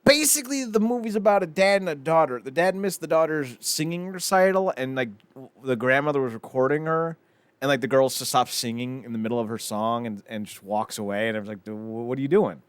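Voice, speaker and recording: A man co-hosting a podcast in casual chat, animated and profane, often laughing as he talks. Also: medium pitch, brisk, smooth, no echo. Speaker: podcast co-host.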